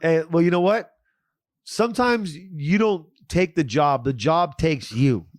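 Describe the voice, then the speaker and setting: A man with a slightly high voice co-hosts a casual comedy podcast, rambling and cursing between jokes. The sound is dry and close to the mic. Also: lively intonation, unhurried, dry recording. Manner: profane, joking, rambling. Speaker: podcast co-host.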